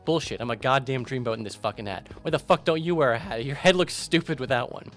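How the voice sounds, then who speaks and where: A man's voice: mid-range voice, fast talker, fairly bright tone, soft background music, close to an everyday voice. A man playing a sly, crude street hustler. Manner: sly, wheedling, swearing. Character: shady male street businessman, sly and crude.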